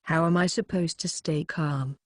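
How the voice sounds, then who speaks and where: A woman's voice: low-pitched, steady tone, normal speed, no room sound, clean studio sound. A woman voicing a flustered, earnest young teacher who frets over a child's health. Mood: fussing. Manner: fretful, protective.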